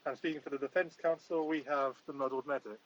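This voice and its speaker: A man's voice: on the high side, steady tone, fast talker, no echo, poor audio. Man playing a bossy mock judge. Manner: mock-stern, bossy, dry. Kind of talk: comedic podcast chat.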